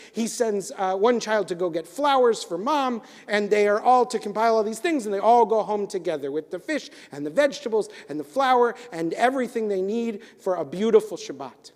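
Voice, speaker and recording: Man, clergy, storytelling sermon, high voice, measured delivery, long chapel reverb. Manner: warm, measured storytelling that softens toward a hushed close. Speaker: clergy leading a service. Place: synagogue chapel.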